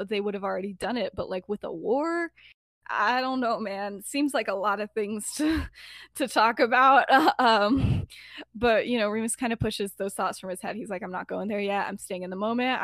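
A young woman tells a story in a casual chat, rambling and giggly, with fillers everywhere. Her voice sits a little high. The sound is dry and close. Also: a bit bright, no room sound. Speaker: podcast co-host telling a fan story.

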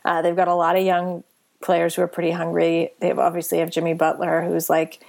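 A woman's voice: on the low side, completely flat delivery, fairly quick, creaky, darkish tone. A woman co-hosting a sports podcast, chatty and loose, with many filler words. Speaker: podcast co-host. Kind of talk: casual sports chat.

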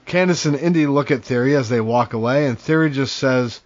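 A man's voice: medium pitch, brisk, a little mellow. Laid-back swearing man, lo-fi podcast. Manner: laid-back, swears casually, laughs often. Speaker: podcast co-host. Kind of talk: casual chat. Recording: dull lo-fi podcast audio.

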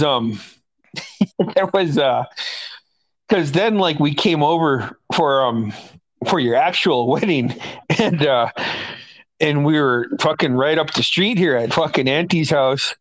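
A man's voice: on the high side, slow, long pauses, poor audio. A man telling profane stories among friends with lots of laughter. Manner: profane, laughing, animated retelling. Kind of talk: casual storytelling among friends.

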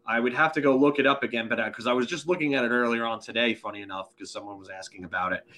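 A man's voice: medium pitch, steady tone, very fast, pushed and bright. A man co-hosting a hockey podcast, giving opinionated takes and fumbling over words now and then. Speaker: co-host, hockey analyst. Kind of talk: casual sports chat.

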